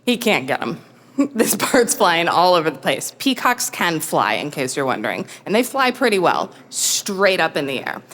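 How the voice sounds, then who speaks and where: A woman telling a true story on stage in a wry, self-mocking, animated way. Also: on the low side, normal speed. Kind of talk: live comic storytelling. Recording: long hall reverb.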